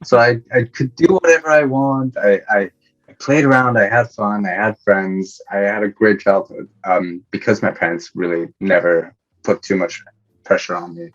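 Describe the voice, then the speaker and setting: Man, young adult, from Iran, low voice, relaxed storyteller, slightly dull audio. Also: moderate pace. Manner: relaxed storyteller, laughs often. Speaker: podcast guest. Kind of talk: casual interview chat.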